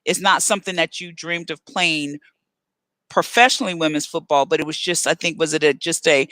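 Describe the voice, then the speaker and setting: Bright, dry-sounding woman host. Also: low-pitched, a little fast, no echo. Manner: expressive, eager questioner. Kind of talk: interview questions.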